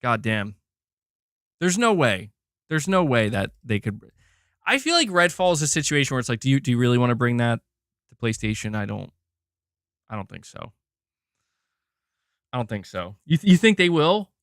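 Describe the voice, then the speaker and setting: A young man hosting a casual live stream, excitedly thanking members and chatting while doing curls. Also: medium pitch, brisk, dry recording, clean studio sound. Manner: excitable, reads out member gifts, chats while exercising. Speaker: livestream host.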